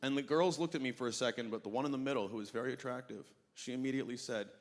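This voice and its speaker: A man doing an animated stand-up story, acting out the voices of the people in it. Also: mid-range voice, rapid-fire, hardly any pauses. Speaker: stand-up comedian. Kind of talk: stand-up routine. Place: comedy festival stage. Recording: stage recording with long hall reverb.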